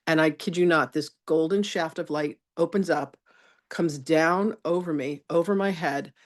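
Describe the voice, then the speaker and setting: A woman's voice: sits low, a little slow. Chatty woman telling a spiritual story. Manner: animated, chatty, addresses students by name. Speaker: spiritual teacher. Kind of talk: live online masterclass storytelling.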